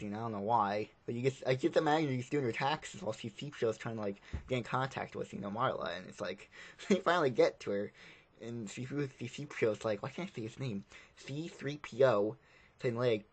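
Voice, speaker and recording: Male film reviewer, mid-pitched voice, loose rambling delivery, casual and unscripted. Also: a little fast. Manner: rambling, repeats himself, plain-spoken.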